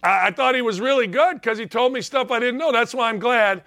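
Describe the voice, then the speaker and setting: A middle-aged man running a sports talk radio show from a studio microphone, his voice high and bright. He rants bluntly and sarcastically, firing off opinions without holding back. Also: brisk. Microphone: studio microphone with earpiece.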